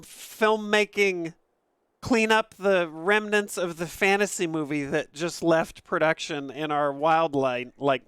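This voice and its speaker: A man streaming a hunting game from an upstairs room at home, excitable and foul-mouthed, quick to laugh. His voice is dry and close, with little room sound. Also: high voice, clean tone, no room sound. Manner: excitable, profane, laughs often. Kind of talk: casual gaming stream commentary.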